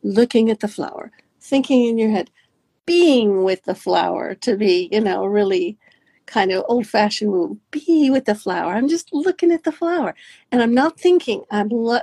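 A woman coaching listeners through a guided talk, animated and swooping her pitch up and down to demonstrate. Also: normal speed, slightly rough, no room sound. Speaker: dating and mindfulness coach.

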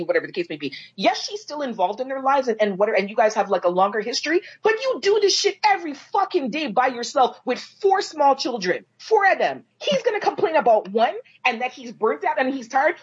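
A woman's voice: sits high, sing-song, fairly quick, hardly any pauses, slightly rough. A woman co-hosting a podcast, talking in a blunt, profane and indignant way about a listener's letter. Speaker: podcast co-host. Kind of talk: heated casual podcast talk. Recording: slightly dull lo-fi audio.

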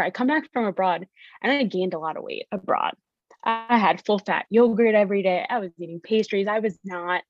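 Animated young woman telling her story. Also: medium pitch, no room sound, muffled recording. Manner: animated, acts out her past self in quotes. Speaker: podcast guest. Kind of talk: candid storytelling in a conversation.

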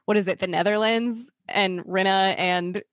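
A woman co-hosting a casual podcast chat, expressive and lively, with frequent swearing and fillers. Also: mid-range voice, normal speed, clear, resonant tone, no echo.

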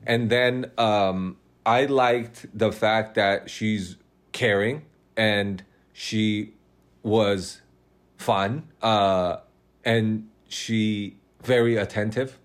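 A man's voice: fairly low pitch, steady tone, drawn-out words, clear, resonant tone. A young man in casual chat, rambling and cursing as he tells dating stories, laughing often. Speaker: podcast host telling dating stories.

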